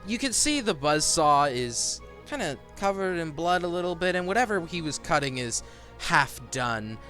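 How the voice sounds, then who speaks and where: A man's voice: on the high side, big pitch swings, normal speed, pushed and bright, faint music behind. A man narrating a tabletop game as game master in a loose, rambling way. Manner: loose, rambling, lots of fillers and restarts.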